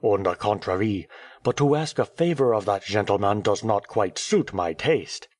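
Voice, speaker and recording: A man reading an audiobook, voicing a cheerful, talkative male French journalist who speaks in a brisk, airy, teasing way. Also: lowish voice, animated, no echo. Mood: breezy.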